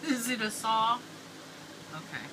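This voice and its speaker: A woman with a high, bouncy voice that swoops all over as she plays with her little son for a home video. She speaks in a playful sing-song. The recording is noisy, with a steady hiss behind her. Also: slow pace. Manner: playful, sing-song, talking to a small child. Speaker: mother vlogging with her young son. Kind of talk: casual home video chat.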